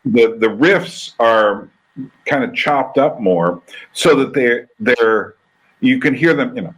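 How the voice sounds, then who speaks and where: A man with a husky, slightly breathy voice talks through ideas in a loose conversational way. He wanders and restarts as he thinks aloud, hosting a relaxed chat about music. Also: mid-range voice, slow pace, low-quality recording. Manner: rambling, thoughtful, restarts often. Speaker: podcast host. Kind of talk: casual conversation reacting to a video.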